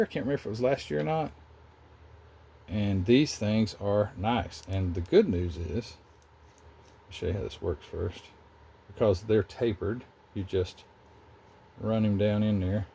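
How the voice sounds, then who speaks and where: A man's voice: fairly low pitch, dark tone. A man with a Southern US accent, hosting a casual, rambling chat about model car building in his hobby workshop. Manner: rambling, chatty, self-interrupting.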